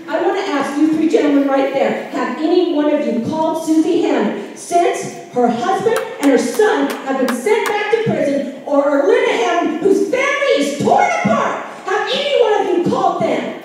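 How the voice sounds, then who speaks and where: A high, lively woman's voice carries heated, indignant public comment. It is recorded from far off in a big echoing hall, with a murmuring crowd and faint noise behind her. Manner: heated, indignant, rising to shouting. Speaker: local resident speaking at a community meeting. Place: large community meeting hall.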